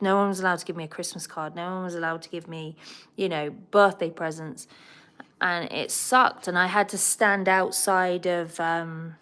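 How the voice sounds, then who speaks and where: A middle-aged southern English woman hosts a relaxed livestream and chats freely while she reads out and answers viewer comments. Her voice sits a little low for a woman. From England. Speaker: host of a pet livestream. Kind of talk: casual livestream chat.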